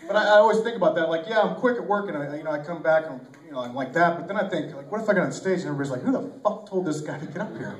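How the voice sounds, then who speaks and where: A man's voice: a little high, rapid-fire, hardly any pauses. A man doing a crude, rambling, self-deprecating stand-up comedy set in a small venue. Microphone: handheld camera from the audience. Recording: echoey room, camera far from the stage.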